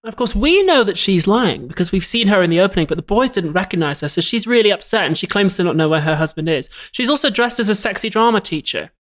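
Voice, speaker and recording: Co-host, mid-pitched, expressive intonation, wry plot recap. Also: quick pace, few pauses. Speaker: podcast co-host. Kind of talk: casual chat.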